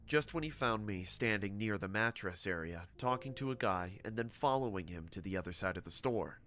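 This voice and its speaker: A man narrating a horror story in a steady, dramatic scripted telling. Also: on the low side.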